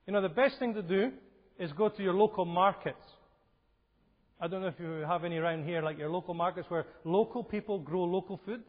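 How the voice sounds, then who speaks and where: A man whose voice sits high talks a little fast during a health seminar held in a church hall. Conversational in manner, he questions his audience, and the lo-fi recording has reverb from the hall.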